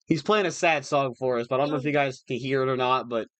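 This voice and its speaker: A man's voice: medium pitch, fast talker, dry recording. Rambling young man livestreaming. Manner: rambling, emotional, many restarts. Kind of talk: casual livestream chat.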